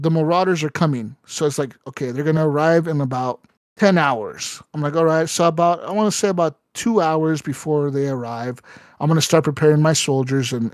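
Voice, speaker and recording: A podcast host tells a story animatedly in casual chat, swearing often and leaning heavily on fillers like "right?" and "like." His voice is slightly high and a little mellow. The sound is clean studio quality with no echo.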